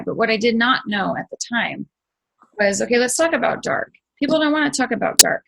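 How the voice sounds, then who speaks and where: A woman's voice: on the high side, fairly quick, vocal fry, a bit bright, low-quality recording. A middle-aged woman hosting a spiritual channel, telling a story casually, swearing freely and acting it out with sound effects.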